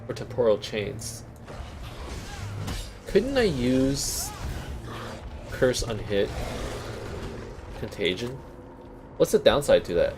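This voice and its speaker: Lively Canadian man commenting on a game. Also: medium pitch, slow, pauses often, background noise. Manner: chatty, thinks aloud, swears casually. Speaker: let's play host. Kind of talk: casual gameplay commentary.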